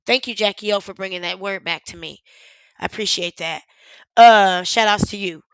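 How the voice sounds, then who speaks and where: A woman's voice: mid-range voice, normal speed, clear, resonant tone, dry recording, low-quality recording. A woman streamer giving sarcastic live commentary on a news clip, firing off blunt rhetorical questions and the odd swear word.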